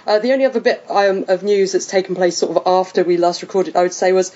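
British woman hosting a podcast, low voice. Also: fairly even intonation, fast talker, warm tone, dull audio. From Britain. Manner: rambling, many fillers. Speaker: podcast host. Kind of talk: casual chat.

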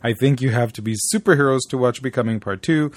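A man's voice: medium pitch, fast, no room sound, studio quality. A man hosting a casual podcast, reading out listener emails with a playful, jokey manner. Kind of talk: casual chat.

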